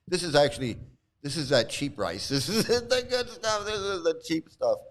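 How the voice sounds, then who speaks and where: This middle-aged channel host and cult critic rambles through a casual take on a screen post, blunt, profane, and repetitive. He speaks at a moderate pace in a fairly high, expressive voice.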